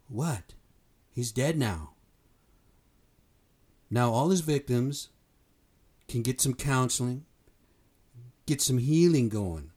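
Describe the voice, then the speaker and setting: A man's voice: medium pitch, lively intonation, normal speed, long pauses, a little mellow. A man from the United States giving a blunt, fired-up opinion monologue, swearing and repeating himself for emphasis. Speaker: commentator.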